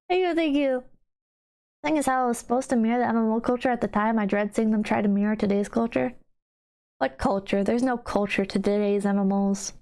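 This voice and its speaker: A woman with a voice a little higher than most, talking casually on a livestream. She answers chat in a blunt, wry way and swears freely. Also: a little fast, darkish tone. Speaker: streamer reading chat.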